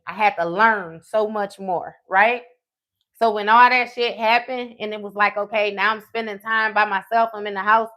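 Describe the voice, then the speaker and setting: A woman tells a personal story in a live stream, animated and profane, often checking in with "okay?". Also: mid-range voice. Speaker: tarot reader.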